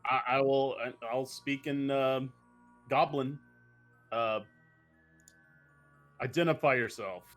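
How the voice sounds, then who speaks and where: Slow, halting young man at a game table. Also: medium pitch, fairly even intonation, a bit bright, soft background music. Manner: stammering, halting restarts. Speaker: player. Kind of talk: casual tabletop play.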